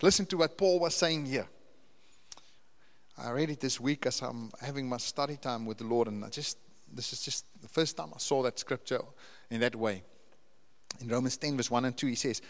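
A man's voice: medium pitch, normal speed. A man, preaching a conversational sermon to a church, building up to emphatic repeated lists. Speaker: pastor. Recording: long reverb of a church hall.

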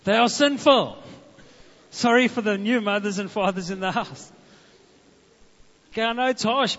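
A man preaches a sermon with a fairly high voice, turning now and then to talk directly to his congregation. The sound is dull and muffled, and his words ring out through a large, reverberant church hall. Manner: animated preaching with asides to the congregation. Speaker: pastor.

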